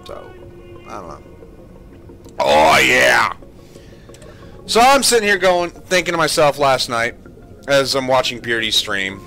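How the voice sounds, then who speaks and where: A man commentating his own gameplay in a bright, forceful voice that swings up and down a lot. He rants in exasperation and swears freely, with faint music playing behind him. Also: medium pitch. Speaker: gaming streamer.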